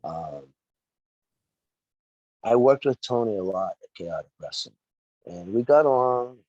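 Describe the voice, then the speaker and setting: Husky-voiced man telling a wrestling story. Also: fairly low pitch, a little slow, no echo, highs cut off. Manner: animated storyteller, acts out quotes, profane. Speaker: wrestling referee and podcast guest. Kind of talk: casual storytelling chat.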